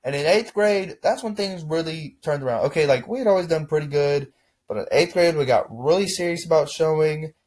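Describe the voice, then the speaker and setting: A young man from Texas talking casually to camera, rambling and relaxed, with frequent restarts. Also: a little high, fairly quick. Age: young adult. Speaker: vlogger. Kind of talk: casual reflective chat to camera.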